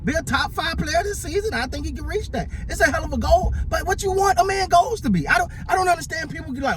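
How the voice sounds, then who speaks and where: A man giving casual, animated sports commentary, often stumbling over and repeating his words. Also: very high-pitched, quick pace, few pauses, slight background noise.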